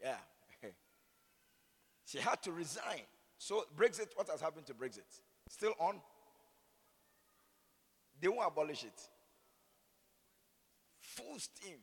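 Male preacher, slightly high voice, slow delivery, playful call-and-response, hall reverb. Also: sing-song, vocal fry, a bit bright, husky. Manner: call-and-response, jokes with congregation. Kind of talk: sermon with opening prayer. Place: church hall. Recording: long church hall reverb.

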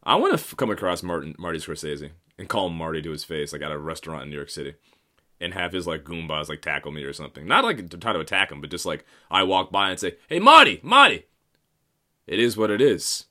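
A man's voice: extremely low pitch, expressive, fast, sharp tone. A man in his thirties rambling through a casual, profane, self-mocking monologue. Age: 30s.

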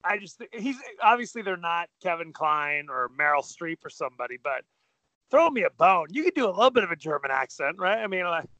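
High, bright-voiced joking man. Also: sing-song, a little fast, no room sound. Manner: joking, rambling, self-deprecating. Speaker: podcast co-host. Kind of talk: casual chat.

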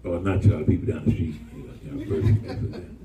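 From far off in a roomy church, a man preaches to his congregation at normal speed, mixing humor with warnings and calling for responses, jumping to a high, excited pitch. The recording is muffled, with crowd noise.

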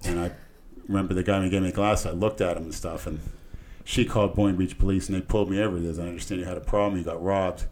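A middle-aged Floridian spins long, wandering stories on a laid-back podcast, speaking fast in a low, fairly even voice. He loudly mimics the cops who turn up in his tales.

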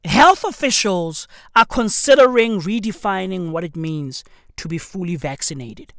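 A woman hosting a casual news commentary, talking in an animated, slangy and profane way full of rhetorical questions. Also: mid-range voice, takes it slowly, dry recording, studio quality. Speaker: commentary host.

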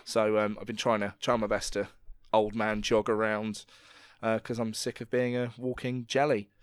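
A man's voice: fairly low pitch, flat delivery, normal speed, clean tone, dry recording, clean studio sound. A man co-hosting a podcast, telling a story in casual chat, swearing freely and acting out the quotes. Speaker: podcast co-host.

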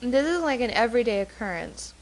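A woman's voice: a little high, animated, a little fast, low-quality recording. A woman co-hosting a casual talk show as a caregiver. She speaks earnestly and laughs easily while covering a hard subject. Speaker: podcast co-host and caregiver. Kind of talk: casual conversational chat.

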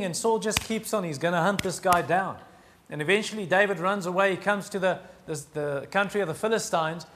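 A man preaching a sermon, earnest and emphatic, slowing down to stress key phrases. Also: high voice. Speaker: pastor.

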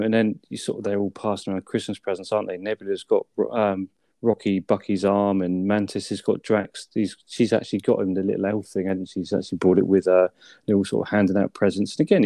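Gravelly, mellow man. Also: low voice, no room sound. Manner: laid-back, hesitant with ums, tag questions. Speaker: film review podcast co-host. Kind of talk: casual chat.

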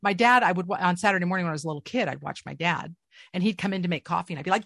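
A middle-aged woman, a voice actress, telling stories in a casual interview with an animated, swinging delivery. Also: racing, vocal fry, no room sound, studio quality. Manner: animated storyteller with lively swings in pitch. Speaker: voice actress, guest.

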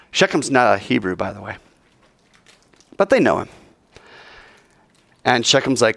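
A male teacher telling a Bible story to a class in an animated, digressive way, acting out the characters. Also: mid-range voice, measured pace, gravelly, pauses often, dry recording.

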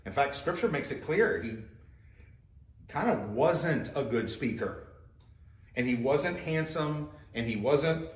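A man's voice: medium pitch, lively intonation, slow, pauses often, reverberant. A man preaching a sermon as pastor, talking conversationally and putting direct questions to his listeners.

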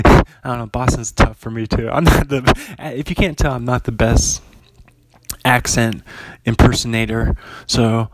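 A young man hosts a podcast in a casual, rambling chat full of fillers and frequent laughs. His voice is medium-pitched at a normal speed, with background noise present.

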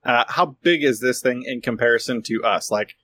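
A man's voice: mid-range voice, normal speed, bright, forceful tone, no room sound. A man playing a tabletop game as a ship's captain, asking questions and thinking aloud. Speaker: player, ship captain. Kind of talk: casual tabletop game play.

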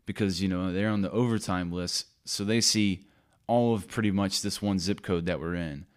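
A man's voice: sits low, normal speed. A man hosting his own podcast in a casual, rambling monologue, often interrupting himself with offhand asides. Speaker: podcast host.

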